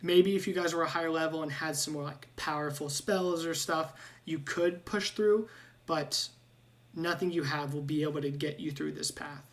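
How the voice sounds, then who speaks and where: A woman running a tabletop game as dungeon master, speaking in halting bursts with frequent restarts. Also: low-pitched. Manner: halting, restarts often with filler likes.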